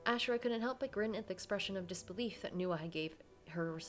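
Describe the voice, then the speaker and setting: A woman's voice: medium pitch, fast, soft background music. A woman reading a visual novel aloud, narrating dramatically and breaking off for casual asides. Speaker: game player reading aloud.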